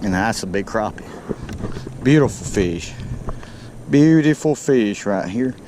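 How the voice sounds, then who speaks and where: An animated, lowish male voice with a darkish tone hosts a fishing video at a slightly slow pace, chatting folksily from a docked-area boat and talking to the fish he hooks. There's a little hiss or hum.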